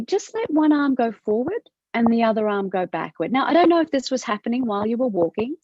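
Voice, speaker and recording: A woman with an Australian accent teaching a movement class over a video call, asking gentle questions with a rising lilt. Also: mid-range voice, no echo. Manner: gentle questioning, upward inflection. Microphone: video call from her computer. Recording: dull lo-fi video call audio.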